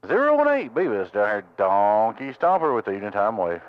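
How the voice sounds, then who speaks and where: A man's voice: on the low side, wildly swooping pitch, brisk, heavy background noise. A man working a CB radio, repeating his call sign with folksy sign-offs. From Tennessee. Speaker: CB radio operator. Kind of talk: CB radio skip talk. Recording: muffled lo-fi radio audio.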